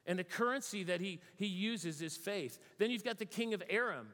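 A man's voice: sits high, moderate pace, fairly bright tone. A man preaching a sermon as pastor, conversational with joking asides. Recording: long hall reverb.

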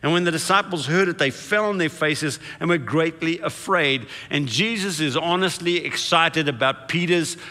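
A man preaching a sermon, telling the story with shifts between hushed and excited delivery. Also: fairly high pitch, normal speed, hardly any pauses. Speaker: pastor. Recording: echoey hall reverb.

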